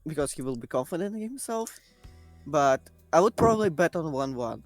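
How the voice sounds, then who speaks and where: A man's voice: on the high side, expressive, a little fast, dry recording, faint music behind. A man with phrasing, giving dry, teasing takes as a guest caster. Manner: dry teasing humor, non-native phrasing. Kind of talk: casual esports banter.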